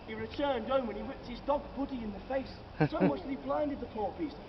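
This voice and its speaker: A man's voice: extremely high pitch, a little fast, distant mic. A man, leading a comic ghost walk outdoors at night and telling tales to his group with theatrical flair. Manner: theatrical, jokey, addresses the crowd as sir and madam. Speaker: ghost walk tour guide. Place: outdoors on city streets at night. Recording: lo-fi with loud street noise.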